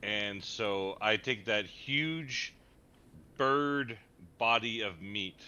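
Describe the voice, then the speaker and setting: A man's voice: lowish voice, drawn-out words, sharp tone, clean tone, highs cut off. A man playing a tabletop game, describing his actions in a casual way. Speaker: player.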